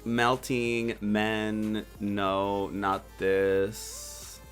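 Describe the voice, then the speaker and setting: A streamer in their twenties chatting casually to a live chat, playful and quick to laugh. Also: sits low, completely flat delivery, soft background music. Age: 20s.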